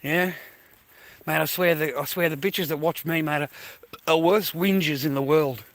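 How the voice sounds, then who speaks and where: A man's voice: fairly high pitch, moderate pace, a bit bright, no echo. A man with an Australian accent, vlogging outdoors while walking through a neighbourhood, rambling crudely and filling his talk with "mate" and "you know.". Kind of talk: rambling casual vlog.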